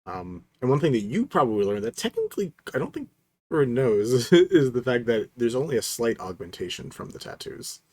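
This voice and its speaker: A man's voice: mid-range voice, very animated, fairly quick, a little mellow, husky, no room sound. A man running a tabletop game as game master, playful and laughing often.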